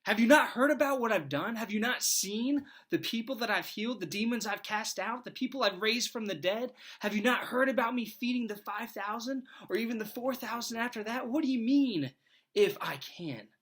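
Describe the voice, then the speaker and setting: A man's voice: very high voice, moderate pace, a bit bright, voice pushed up. A man doing an incredulous, exasperated Jesus. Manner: incredulous rising questions.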